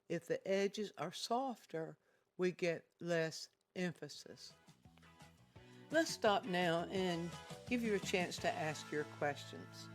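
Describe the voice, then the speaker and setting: A painting instructor giving a livestreamed art lesson, explaining calmly and deliberately, pointing out areas of a painting and repeating key phrases. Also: mid-range voice, soft background music.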